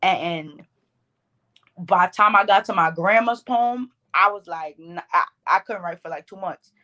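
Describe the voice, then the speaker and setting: A young poet guest from the Bronx speaks a little slowly in a lowish voice, her New York accent clear. Her interview talk is relaxed and slangy, full of animated storytelling and frequent fillers.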